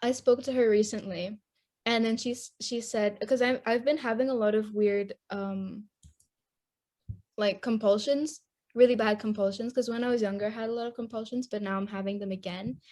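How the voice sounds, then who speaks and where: A woman's voice: a little high, steady tone, normal speed, a little mellow. A teenage girl from Indonesia co-hosting a casual podcast chat, rambling and laughing often. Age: teens. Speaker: podcast co-host.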